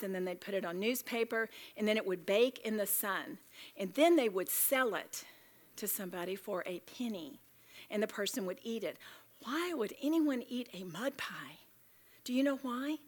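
A woman's voice: mid-range voice, a bit bright. A woman giving a Bible study talk to a room of women, chatty and joking yet earnest. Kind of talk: sermon.

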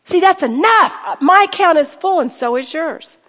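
A woman's voice: very high-pitched, lively intonation, a little slow, fairly bright tone. A woman giving earnest, emphatic Bible teaching to a women's gathering, rising to fervent declarations. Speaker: women's retreat speaker. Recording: reverberant hall recording.

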